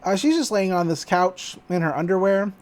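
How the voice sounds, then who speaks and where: A man's voice: high-pitched, animated, moderate pace. A man co-hosting a podcast, casually retelling an anime episode and rambling through it with filler words. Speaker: podcast co-host.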